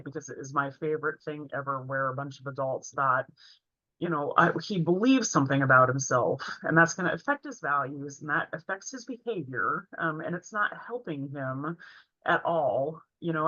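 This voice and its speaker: A woman's voice: sits low, pushed and bright, dry recording. A woman in her forties telling a heartfelt personal story in an earnest way while presenting a training session. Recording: dull, lo-fi, dry sound.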